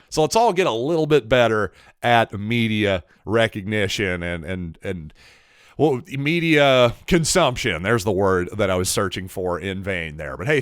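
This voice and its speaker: A man's voice: medium pitch, no echo, clean studio sound. A man hosting a solo sports podcast, talking through his opinions conversationally with wry asides. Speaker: podcast host.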